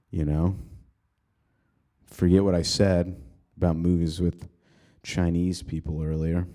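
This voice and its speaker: A male comedian hosting his own podcast, ranting casually and profanely, rambling with sudden jumps in pitch, recorded in an apartment. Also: mellow. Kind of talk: casual solo podcast rant.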